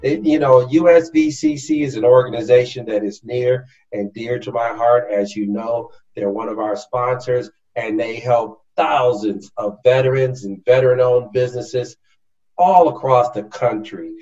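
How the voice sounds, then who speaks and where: A man hosting an interview, warmly effusive and repetitive, often restarting his phrases. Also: medium pitch, lively intonation, normal speed. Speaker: host. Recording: slightly dull lo-fi audio.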